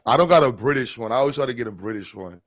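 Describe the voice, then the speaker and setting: A man's voice: mid-range voice, expressive, very fast. A man hosting a casual livestream chat, talking bluntly and rambling with jokes. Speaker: host.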